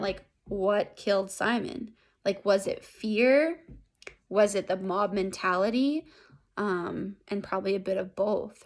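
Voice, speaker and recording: A woman English teacher recapping a lesson in a casual, chatty way, full of fillers and tag questions. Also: mid-range voice.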